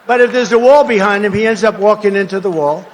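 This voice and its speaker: An older man giving a rambling rally speech to a conference crowd, with mocking asides, swinging between loud and low. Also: fast talker, a little hiss or hum. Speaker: political speaker at a conference. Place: large conference hall before an audience.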